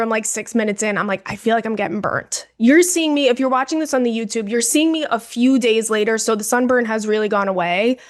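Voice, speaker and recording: Animated young woman telling a story. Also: on the high side. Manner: animated, dramatic, talks to listeners as "girl". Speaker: podcast co-host. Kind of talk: casual storytelling chat.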